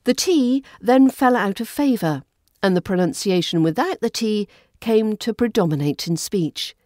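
RP English woman, podcast accent coach, mellow and measured, dry close mic. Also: mid-range voice, lively intonation, dry recording. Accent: Southern English RP. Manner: clear, measured teaching delivery. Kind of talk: scripted podcast lesson.

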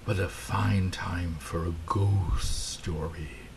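A patient, cheerful frog friend, voiced by a man in a storybook read-aloud. He talks slowly and steadily with a gravelly edge, always calmly encouraging. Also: sits low, noisy background, full character voice. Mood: storytelling.

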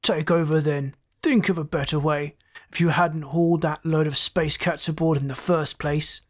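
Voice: mid-range voice, steady tone, moderate pace, natural voice. A storyteller voicing a hot-tempered male chief engineer in an audiobook, roaring and snapping orders. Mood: raging.

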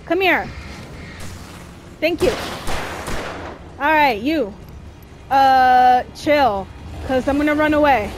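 Woman, high voice, unhurried casual game commentary, swearing and jumpy, light background hiss. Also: expressive. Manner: jumpy, swearing, shouts when chased. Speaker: gameplay streamer. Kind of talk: casual let's-play commentary.

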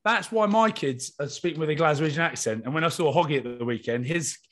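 A man's voice: a little high, quick pace, a bit bright. Chatty joking man in his thirties. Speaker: co-host, rugby player. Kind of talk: casual chat.

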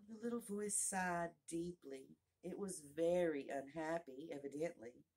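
A woman reading a children's classic aloud, expressive and giving each character its own voice. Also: fairly low pitch, husky. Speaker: narrator, audiobook reader. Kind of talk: storybook read-aloud.

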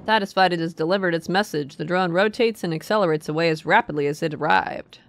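Woman streamer, game playthrough, reads story text, casual musing asides, lowish voice. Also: fast. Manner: casual, musing, talking to herself.

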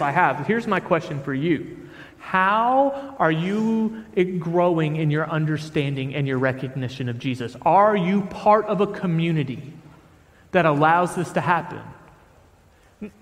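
A man delivering a sermon from the pulpit, his voice sitting a little high for a man. He reads scripture with swelling force and then drops to plain, direct talk with the congregation. The sound rings with the long reverb of a large sanctuary. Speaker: pastor. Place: church sanctuary.

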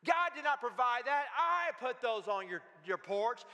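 A man preacher voicing a grumpy atheist neighbor who shouts and gloats. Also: extremely high pitch, animated, normal speed, heavily acted. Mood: gloating. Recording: long church-hall reverb.

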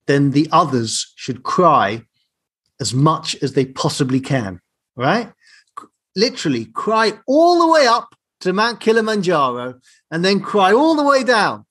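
A man's voice: a little high, a bit bright, husky. A male podcast host in reflective conversation, speaking thoughtfully and often ending with "right?". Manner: thoughtful, drawn-out phrasing, asks tag questions. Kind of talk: reflective interview chat.

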